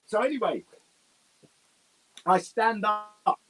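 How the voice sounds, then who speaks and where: A man telling animated anecdotes as an interview guest, often laughing and breaking into song. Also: fairly high pitch, moderate pace, breathy edge.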